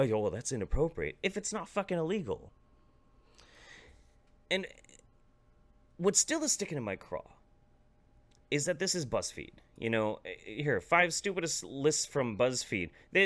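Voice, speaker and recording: Angry ranting man, lively pitch. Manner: angry, profane, swings between low mutters and sharp outbursts. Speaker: YouTube commentator. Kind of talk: ranting commentary.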